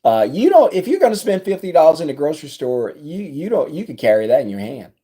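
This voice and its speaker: A man in his thirties with a South Louisiana accent, a business coach telling a story to camera in his office in an animated, conversational way. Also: on the high side, fast talker, slightly rough. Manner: animated, conversational, acts out dialogue.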